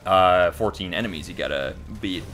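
A man's voice: sits low, moderate pace, a bit bright, faint music behind. A young man chatting casually while playing a video game with a friend, rambling with lots of fillers and restarts. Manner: rambling, stop-start with many fillers. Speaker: co-host of a gaming channel. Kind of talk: casual let's play banter.

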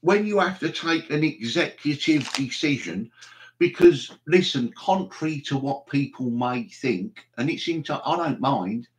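A man's voice: on the high side, animated, unhurried. A man hosting a live stream, rambling and chatty, with mock exasperation. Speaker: livestream host.

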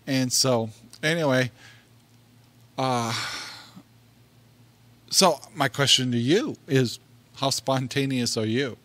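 A man's voice: mid-range voice, measured pace, pauses often, fairly bright tone, no room sound. A middle-aged man hosts a laid-back podcast, speaking into a desk microphone in a mid-range voice. He rambles, laughs often and restarts his sentences as he tells stories. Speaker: podcast co-host. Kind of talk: casual podcast monologue.

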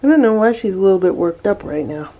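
A woman filming a casual vlog about her cats, chatting about their routines and coaxing them with a high voice. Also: expressive, quick pace, phone-quality sound. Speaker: cat vlogger. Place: indoor room with cats.

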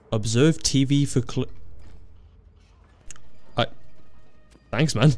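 A man's voice: medium pitch, slow pace, pauses often. Jumpy young man playing a horror game. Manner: jumpy, excitable, joking reactions with frequent swearing. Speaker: gaming video creator. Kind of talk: casual gameplay commentary. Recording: faint game music behind.

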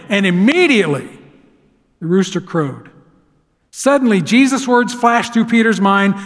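Male pastor, high voice, preaching in a church with long reverb; dramatic swings between loud and hushed. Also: animated, normal speed. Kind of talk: sermon. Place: church sanctuary.

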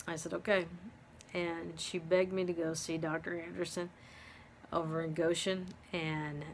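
Middle-aged woman, halting storyteller, lowish voice. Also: gravelly, a bit bright, slight background noise. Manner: halting, many ums and restarts. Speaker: vlogger living with dementia. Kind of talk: personal storytelling.

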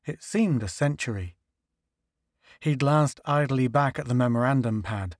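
A man narrating a science fiction story in a steady, even storytelling manner. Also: medium pitch, measured pace, dry recording, studio quality. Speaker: audiobook narrator. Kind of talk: scripted narration.

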